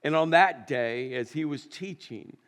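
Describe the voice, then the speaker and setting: A man's voice: on the high side, unhurried, fairly bright tone, clear, resonant tone, long reverb tail. A man preaching a sermon in a conversational, storytelling way, with emphatic repetitions. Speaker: pastor. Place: church sanctuary.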